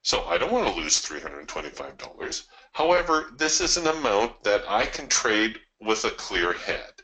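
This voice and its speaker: Folksy, animated male trading coach. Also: on the low side, normal speed, poor audio. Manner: folksy, chuckling asides. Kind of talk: live trading commentary.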